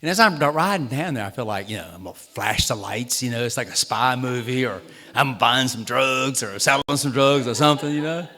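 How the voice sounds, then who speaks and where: A man's voice: medium pitch, fairly quick, few pauses, bright, forceful tone. A man with a Southern accent, a state treasurer, telling humorous, self-deprecating stories at a town hall meeting. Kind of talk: storytelling speech at a town hall. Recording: long reverb in a hall.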